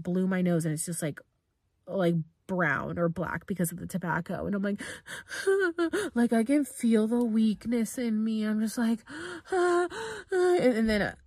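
A young woman casually telling a personal story on her podcast, full of "like" and animated bits where she acts out her own panicked reactions. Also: fairly low pitch, no echo, studio quality. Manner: heavy use of "like", informal swearing. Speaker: podcast host.

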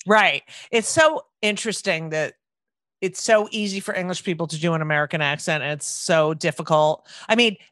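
A middle-aged woman from New Jersey hosts a casual podcast chat, her voice bright and forward. She rambles, swears freely and keeps cutting herself off mid-thought. The sound is close and dry, with no room around it. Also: lowish voice, normal speed, dry recording. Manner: rambling, profane, breaks off mid-sentence. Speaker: podcast host.

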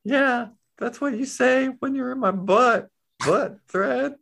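Taunting smug sewing needle, high and cocky, man doing it. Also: slow, creaky, fairly bright tone, slight background noise, full character voice. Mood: gloating.

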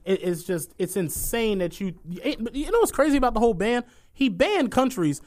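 A man's voice: very high voice, sing-song, brisk, a little mellow. A man co-hosting a podcast, chatting loosely with plenty of slang, swearing and laughter. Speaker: podcast co-host. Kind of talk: casual chat.

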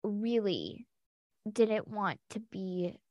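A woman's voice: mid-range voice, expressive, drawn-out words, dry recording, highs cut off. A woman guest on a podcast, candidly and heartfelt telling her own story with lots of casual fillers.

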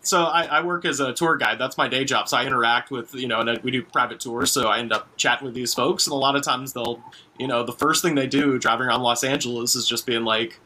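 A man riffing as a comedian guest on a podcast, animated and rambling, with frequent swearing. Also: medium pitch, brisk. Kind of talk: casual comedy podcast chat.

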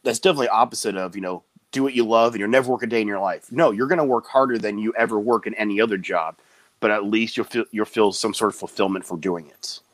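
A man in casual interview chat, an animated storyteller who slips into quick high voices when he quotes people. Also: no room sound. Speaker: guest, clown performer.

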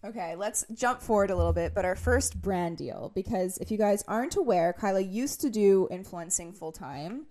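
A woman's voice: medium pitch, expressive, moderate pace, hardly any pauses, dark tone. Podcast co-host, a woman in her twenties, casual and chatty; she tells long anecdotes and puts on quoted voices. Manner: chatty storytelling, heavy use of "like"; acts out quotes in raised voices. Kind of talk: casual chat.

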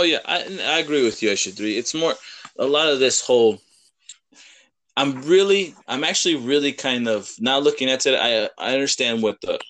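A man's voice: medium pitch, fairly bright tone, a little hiss or hum. A man co-hosting a casual podcast chat, joking and rambling, laughing often. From Mexican-American from the Lake Michigan area. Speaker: podcast co-host.

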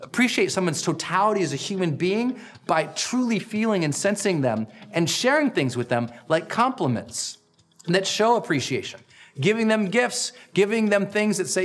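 A middle-aged man hosting a personal growth podcast, giving an energetic, emphatic motivational talk. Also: normal speed. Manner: energetic, emphatic, acts out quoted lines with big pitch swings.

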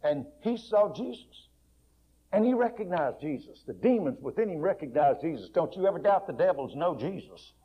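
A male preacher retelling a story in a folksy, dramatic sermon, swinging between soft, quiet passages and loud, raised ones. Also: a little high, sing-song, moderate pace, breathy edge. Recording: muffled lo-fi recording.

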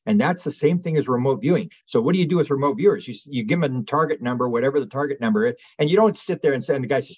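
A man being interviewed as a guest researcher, telling stories in a rambling, animated way with many restarts. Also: medium pitch, racing, hardly any pauses, breathy edge, muffled recording. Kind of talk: casual storytelling interview.

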